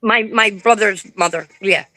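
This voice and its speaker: Crowd noise sits behind this middle-aged northern US woman as she hosts a casual livestream in an unhurried, mid-range voice. She curses freely, tells stories, and imitates others.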